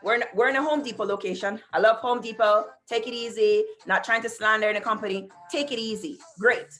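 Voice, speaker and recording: With faint music behind her, a middle-aged woman hosts a casual talk show monologue over a video call, using a computer mic. Her high-leaning voice is steady, brisk, and a bit bright as she tells stories emphatically and talks directly to her viewers.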